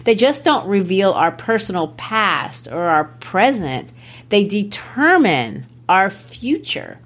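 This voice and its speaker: A woman's voice: mid-range voice, sing-song, slow, fairly bright tone. A woman with a Memphis, Tennessee accent, co-hosting a literary discussion in an explanatory, lecture-like way. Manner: explanatory, lecture-like, quotes texts. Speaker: podcast co-host.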